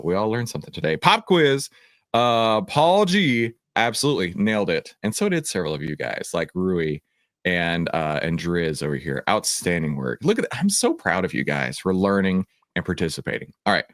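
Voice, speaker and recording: A man's voice: sits low, animated, fairly quick, fairly bright tone, dry recording, studio quality. A man hosting a livestream, chatting upbeat with viewers in the chat. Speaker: host of a livestream, reacting to a video.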